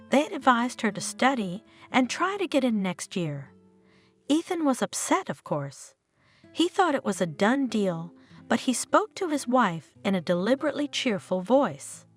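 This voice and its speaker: Woman reading a story with lively pitch. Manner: lively, expressive reading with wide swings in pitch. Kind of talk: scripted story narration.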